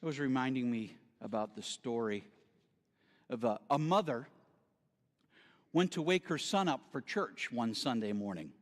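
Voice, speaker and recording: A man giving a storytelling sermon as a guest speaker at a spiritual center, theatrical and animated. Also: medium pitch, normal speed, long pauses. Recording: reverberant hall.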